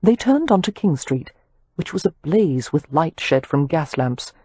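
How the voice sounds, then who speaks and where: Husky, expressive woman audiobook narrator. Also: deep voice, unhurried, no room sound. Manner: expressive, lively storytelling.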